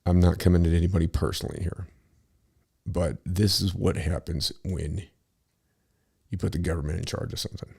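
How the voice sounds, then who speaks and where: A man's voice: low-pitched, steady tone, a little fast, creaky, pauses often, darkish tone, slightly rough. A middle-aged man telling a rambling, profane story in a casual monologue, full of restarts. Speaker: podcast host.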